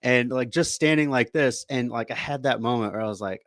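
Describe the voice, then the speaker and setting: Animated man hosting a podcast. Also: mid-range voice, a little fast, few pauses, dry recording, clean studio sound. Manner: animated storyteller, laughs often. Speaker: podcast host. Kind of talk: casual podcast conversation.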